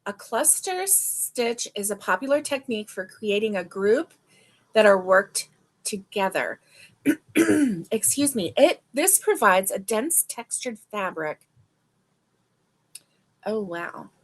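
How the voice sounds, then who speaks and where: A woman's voice: medium pitch, sing-song, takes it slowly, long pauses. A woman hosting a casual crochet livestream, reading stitch descriptions aloud and reacting with delight.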